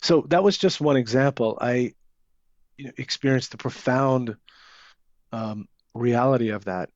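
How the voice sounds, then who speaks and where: Giving an interview, an author speaks in a medium-pitched, unhurried voice, hesitant and casual, with frequent fillers and restarts. There is no echo, but the lo-fi recording sounds dull.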